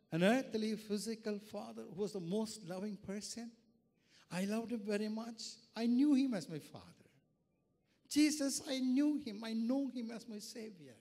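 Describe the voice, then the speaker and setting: High-voiced preacher in an echoing church. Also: male voice, a little mellow. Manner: earnest personal testimony building to fervent preaching. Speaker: pastor. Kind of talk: sermon. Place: church sanctuary. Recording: reverberant church hall.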